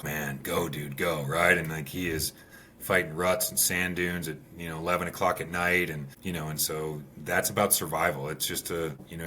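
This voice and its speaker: A man and former rally racer, telling stories in a relaxed way, full of fillers. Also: sits low, a little hiss or hum. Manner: relaxed storyteller, many fillers like "you know". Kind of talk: casual conversation.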